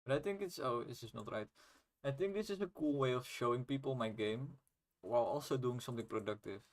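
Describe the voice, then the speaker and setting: A man's voice: mid-range voice, a little fast. A young man, not a native English speaker, rambling casually and swearing now and then while he playtests his own game on stream. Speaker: indie game developer streaming.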